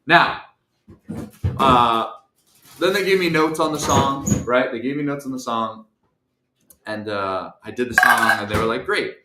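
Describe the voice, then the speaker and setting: A young man telling a personal story on a talk show. He acts out the other voices and swings from soft to shouting. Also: medium pitch, measured pace, pauses often, very noisy. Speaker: guest storyteller. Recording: echoey room.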